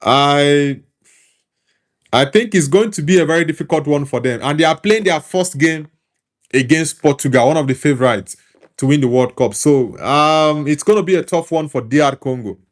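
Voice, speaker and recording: Nigerian man chatting football, fairly high. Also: normal speed. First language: Igbo. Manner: easygoing, repeats words while thinking. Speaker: host reading live chat. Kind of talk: casual football chat.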